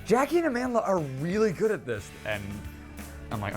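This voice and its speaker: A young man, an actor, telling animated anecdotes about filming in an interview. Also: high-pitched, normal speed, faint music behind. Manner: animated storytelling, repeats words.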